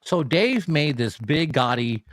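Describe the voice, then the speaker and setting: A man co-hosting a sports talk podcast tells a story with plenty of swearing. His voice sits a bit high and swings widely in pitch, and the sound is dry and close. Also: measured pace, dry recording. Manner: animated storyteller, swears freely. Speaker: podcast co-host.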